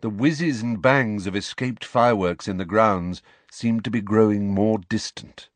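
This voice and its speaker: A man's voice: lowish voice, measured pace, no echo. A man narrating a storybook audiobook expressively and voicing every character himself. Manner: expressive, plays all characters.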